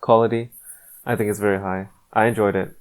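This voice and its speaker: A man's voice: fairly low pitch, flat delivery, a little fast. A man co-hosting a casual anime review podcast, talking in a laid-back, rambling way with many fillers. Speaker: podcast co-host.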